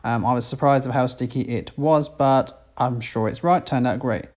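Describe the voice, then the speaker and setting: A man's voice: mid-range voice, moderate pace, a little mellow. A British man giving a casual, self-deprecating voiceover for a home cooking video. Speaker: cooking vlogger.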